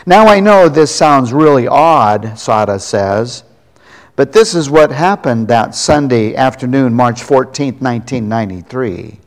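An earnest man tells a conversion story from the pulpit, his voice at an ordinary middle pitch. He slows down to lean on key words. His voice rings out with the long reverb of a large hall. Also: expressive. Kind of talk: sermon storytelling.

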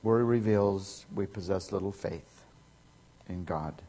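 Male pastor preaching, emphatic, somewhat husky voice, long hall reverb. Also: low voice, measured pace. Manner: emphatic, swings from loud to quiet. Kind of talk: sermon.

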